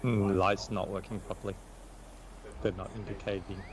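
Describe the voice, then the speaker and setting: A man's voice: deep voice, level tone, moderate pace, a little hiss or hum. A man playing a tabletop game, describing his character's problem plainly and matter-of-factly. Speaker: tabletop player. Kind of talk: in-character role-play.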